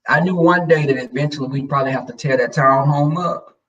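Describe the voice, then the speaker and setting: A man telling a personal story in a casual chat, sassy and animated, acting out what people said. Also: a little high, brisk, distant mic, dull audio. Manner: animated, sassy, acts out quoted lines.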